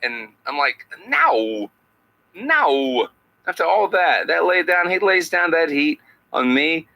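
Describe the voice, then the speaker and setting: A man doing a satirical impression of an older male actor as a podcast guest, speaking in halting phrases with odd pauses. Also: fairly high pitch, big pitch swings, creaky, bright, forceful tone, pitched above the performer's own voice, exaggerated voice, low-quality recording. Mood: storytelling.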